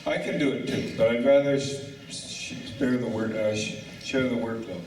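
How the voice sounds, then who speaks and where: A man's voice: mid-range voice, steady tone, normal speed. An older man emceeing a lunch event, rambling and stumbling, then correcting himself. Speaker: master of ceremonies. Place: banquet hall at a lunch event. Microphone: far room recording. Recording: echoey hall from far off.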